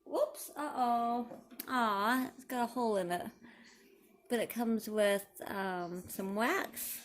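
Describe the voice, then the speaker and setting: A woman, chatting excitedly to viewers while unboxing craft supplies. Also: on the high side, takes it slowly, a little hiss or hum. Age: 40s. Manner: gushing, excitable, talks to viewers. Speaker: crafting vlogger. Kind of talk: casual unboxing commentary.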